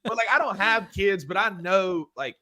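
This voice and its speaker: Bright man with a head cold. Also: high voice, lively intonation, normal speed. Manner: chatty, leans on "like" as filler. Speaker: sports show co-host. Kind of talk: casual podcast chat.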